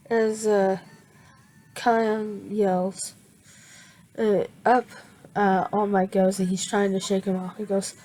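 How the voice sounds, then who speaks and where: A woman telling a fan-made story in her own words, halting and restarting often with many fillers. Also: mid-range voice, level tone, mellow, rough recording. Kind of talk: improvised fan fiction narration.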